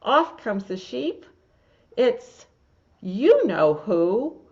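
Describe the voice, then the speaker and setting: A woman's voice: a little high, sing-song, very slow. A woman leading a children's storytime, reading a picture book and chanting rhymes in a playful, encouraging way. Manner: playful, sing-song, encouraging. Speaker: children's librarian. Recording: dull lo-fi recording.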